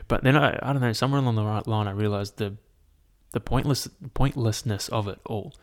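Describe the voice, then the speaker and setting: At home in front of his laptop, a young vlogger chats casually with his audience in a rambling, sweary rant. His voice is on the low side and his delivery is brisk.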